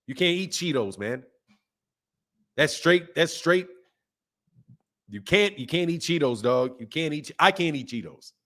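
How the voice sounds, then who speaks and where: A man's voice: medium pitch, fairly bright tone. A man in his fifties hosting a boxing channel, talking in loose slangy live-stream chat and laughing often. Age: 50s.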